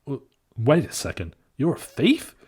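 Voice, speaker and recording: A man's voice: mid-range voice, very animated, normal speed, darkish tone, slightly rough. A man doing an earnest young fox boy.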